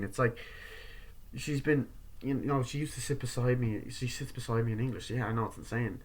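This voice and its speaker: A man's voice: mid-range voice, steady tone. A man giving a casual movie review, rambling with lots of fillers and briefly acting out characters' lines. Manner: rambling, acts out characters' lines in quick impressions; heavy use of filler words like "like" and "you know". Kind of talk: casual film review vlog.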